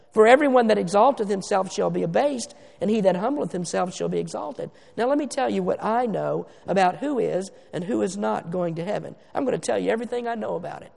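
A male pastor delivers a sermon in a high, deeply gravelly voice. He presses his points hard, drawing words out for stress and dropping from loud declarations to near-hushed asides. His voice rings with the long reverb of a church hall. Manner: emphatic, slows down for stress, swings between loud and hushed. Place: church sanctuary.

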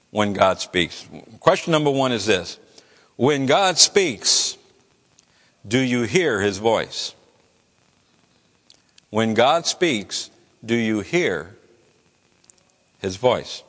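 A man's voice: mid-range voice, fairly bright tone. Earnest male preacher in an echoey hall. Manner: earnest, repeats words while building a point. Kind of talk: sermon. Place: church.

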